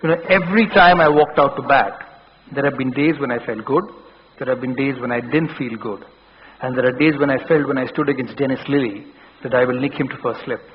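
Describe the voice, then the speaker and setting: A man's voice: fairly quick, a little hiss or hum. A man in his forties with an Indian English accent, telling stories in a motivational speech on stage, earnest and given to restarts and repeated words. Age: 40s. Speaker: keynote speaker. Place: large hall. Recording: dull, boomy hall recording.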